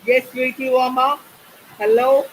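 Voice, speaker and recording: A man teaching a biology class online, often pausing to check in with his students. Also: extremely high pitch, flat delivery, a little hiss or hum, rough recording. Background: faint rain.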